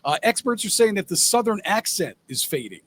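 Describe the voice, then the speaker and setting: A man with a fairly high voice reads news items slowly and deliberately, stopping on small fillers. A faint ambient hum sits behind him. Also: very animated. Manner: measured, deliberate reading with fillers. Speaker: co-host. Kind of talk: reading news items on a podcast.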